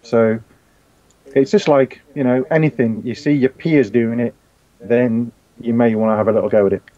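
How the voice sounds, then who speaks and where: Mellow man. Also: medium pitch, fairly even intonation, normal speed. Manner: easygoing, many fillers. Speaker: show regular. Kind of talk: casual chat. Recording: dull lo-fi sound.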